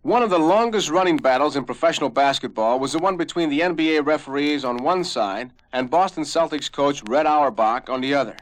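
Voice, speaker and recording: A man delivering a scripted sports report in a clear, measured way. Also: fairly high pitch, lively intonation, poor audio.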